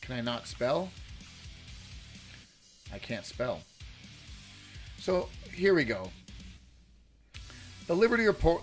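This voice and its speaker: A man hosting a casual political live stream, rambling and chatting with viewers in the chat. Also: a little high. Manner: rambling, lots of fillers and restarts, chatty with viewers. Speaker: political livestream host.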